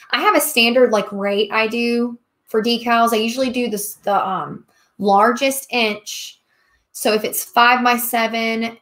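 A woman's voice: a little high, fairly bright tone. A woman, chatting casually while hosting a live question-and-answer stream and laughing often. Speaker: livestream host, craft seller.

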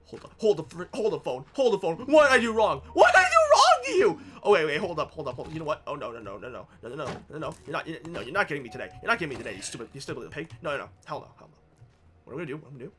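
A man's voice: fairly high pitch, expressive, racing. A young man commentating his own game, jittery and panicky, repeating phrases and yelping. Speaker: gaming YouTuber. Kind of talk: Let's Play commentary.

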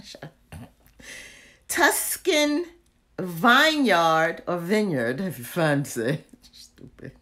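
A woman's voice: fairly low pitch, big pitch swings, drawn-out words, long pauses, fairly bright tone. Chatty, exasperated woman vlogger. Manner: chatty and exasperated, slangy, drops into whispers. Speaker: candle vlogger. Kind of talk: casual live chat to viewers.

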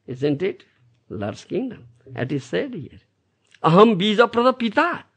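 A man teaching from scripture in a high, gravelly voice that leaps wildly up and down. He speaks slowly and emphatically, repeating phrases and throwing teasing questions to his listeners. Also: wildly swooping pitch, a bit bright. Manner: keeps asking the room "you understand?". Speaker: spiritual teacher. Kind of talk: scripture lecture. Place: Brisbane, Australia.

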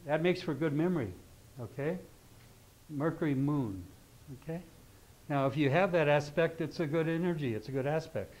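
A man's voice: a little high, moderate pace, a little mellow, poor audio. Man, older, astrology teacher, informal class lecture, conversational, rambling asides. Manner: conversational, keeps checking in with "okay?".

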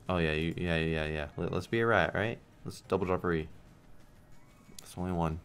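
In casual gambling stream commentary, a young man plays slots and talks to both the game and his viewers, cursing, pleading and sarcastic by turns. His voice is deep and clean at a normal speed.

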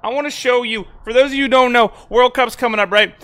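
A man's voice: very high-pitched, steady tone, fast talker, sharp tone. A young man live-streaming in a casual, rambling way, exasperated and stammering through restarts as he talks to his chat.

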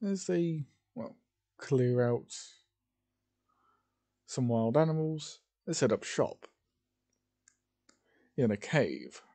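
A man narrating an improvised fan story, halting often and correcting himself as he goes. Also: medium pitch, animated, vocal fry, mellow. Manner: halting, with many fillers and self-corrections.

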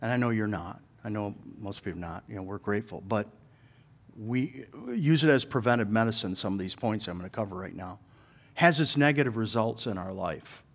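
A middle-aged man preaching a sermon in a church, telling funny stories with lively acted-out voices and laughter. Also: lowish voice, fairly quick, gravelly. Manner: animated storyteller, laughs while telling, acts out voices. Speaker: pastor. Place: church sanctuary.

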